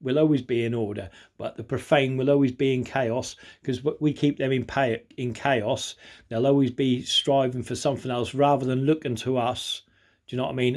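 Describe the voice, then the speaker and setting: A middle-aged man with a mid-pitched everyday voice, vlogging in a loose, rambling monologue. He reads out a list item by item, then drifts into conspiratorial asides, and keeps leaning on the listener for agreement. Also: a little mellow. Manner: conspiratorial, repeats "do you know what I mean".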